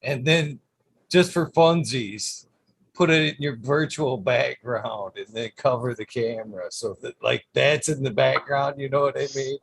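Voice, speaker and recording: A man's voice: mid-range voice, unhurried, gravelly, breathy edge, dry recording, rough recording. A man hosting a casual podcast, mischievous and rambling through joke ideas. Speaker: podcast host. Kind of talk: casual chat.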